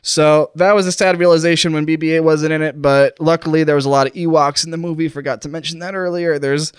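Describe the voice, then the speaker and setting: A man's smooth, slightly high voice comes through a dry, close studio mic. He hosts a comedy podcast while playing out a mock poisoning, straining and wincing through each sentence. He keeps breaking off and starting again. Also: steady tone, fast talker, dry recording. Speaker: podcast host. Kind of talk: comedic improvised monologue. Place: recording studio. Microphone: studio microphone.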